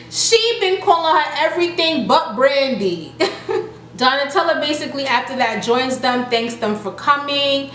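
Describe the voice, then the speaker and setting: A young adult woman casually recapping a reality show, chatty and animated, acting out the quotes with laughter. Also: high-pitched, a little slow. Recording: echoey room with faint noise.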